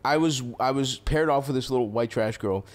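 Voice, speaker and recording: A man's voice: mid-range voice, brisk. A man who grew up in a Greek-American family, a podcast guest telling stories in a rambling, filler-heavy way. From Greek-American family in Maryland. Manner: rambling storyteller, lots of "like" and "dude". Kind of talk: casual chat.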